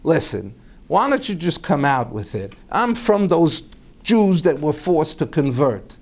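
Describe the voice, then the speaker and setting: A man voicing a powerful, hot-tempered man who bursts out loudly in a raised voice. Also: a little high, very animated, a little slow, exaggerated voice. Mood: stunned. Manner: loud, indignant outbursts.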